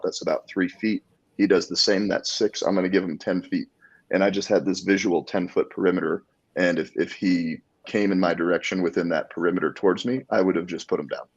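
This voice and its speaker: A man talking casually as a podcast guest, an animated storyteller who acts out the people he quotes. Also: low-pitched, fairly quick, breathy edge, highs cut off. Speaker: guest, jiu-jitsu black belt.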